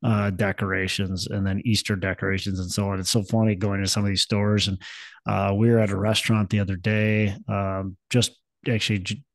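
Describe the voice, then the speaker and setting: Gravelly-voiced man hosting a chatty podcast. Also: fairly low pitch, level tone, brisk, no room sound. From Minnesota. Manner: rambling, upbeat, many fillers and restarts. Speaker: podcast host. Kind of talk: casual podcast chat.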